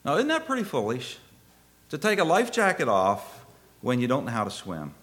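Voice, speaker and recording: A middle-aged male preacher telling a personal story in a sermon, swinging from hushed asides to loud exclaiming. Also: mid-range voice, wildly swooping pitch, moderate pace.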